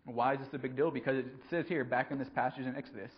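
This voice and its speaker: Guy preaching a laid-back sermon, lots of ums and restarts, middling pitch, kinda muffled lo-fi audio. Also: fairly even intonation. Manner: halting, frequent ums and repeated words. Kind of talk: conversational sermon. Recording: dull lo-fi recording.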